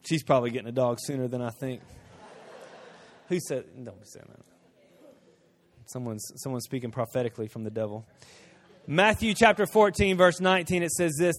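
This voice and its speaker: A man preaching a sermon, dropping to a hush and then rising to loud emphasis, acting out short dialogues in different voices. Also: mid-range voice, moderate pace, pauses often. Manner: swings from hushed to loud, emphatic. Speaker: pastor.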